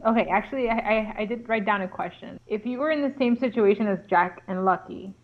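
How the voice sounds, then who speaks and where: Young female co-host, expressive and reactive, mid pitch, slightly dull lo-fi mic. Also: a little fast. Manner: expressive, laughs, dramatic reactions. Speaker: podcast co-host. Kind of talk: casual chat reviewing a movie.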